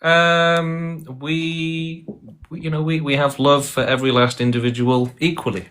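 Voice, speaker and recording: A man's voice: a little high, completely flat delivery, measured pace, fairly bright tone, clear, resonant tone. A man in his thirties hosting a debate livestream, dismissive and repetitive, full of fillers and restarts. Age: 30s.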